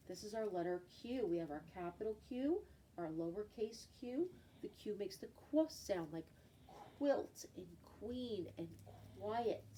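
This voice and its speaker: A woman teaching a children's phonics lesson, slowly and patiently naming letters and stretching out example words. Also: mid-range voice, warm tone. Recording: voice from a distance, faint background noise.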